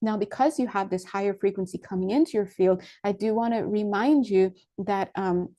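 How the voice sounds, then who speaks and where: A woman's voice: medium pitch, normal speed, warm tone. A woman giving a casual spiritual talk to her viewers. She rambles, loses her thread and starts over, and laughs often between phrases. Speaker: spiritual teacher.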